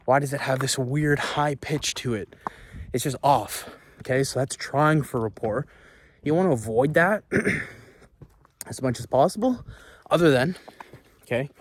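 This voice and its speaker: A man giving casual sales coaching while walking outdoors on hilly ground, emphatic and repetitive, checking in with "okay?" and "right?". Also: medium pitch. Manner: emphatic, repeats words, frequent "okay?" and "right?"; talking while walking, puffs between thoughts.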